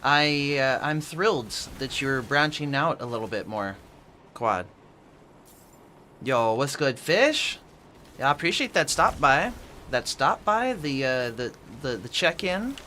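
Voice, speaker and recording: Lively bright-voiced male streamer. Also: medium pitch, a little slow, a little hiss or hum. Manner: chatty, reads and answers chat messages aloud. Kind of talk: casual chat with viewers while gaming. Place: at home in an apartment.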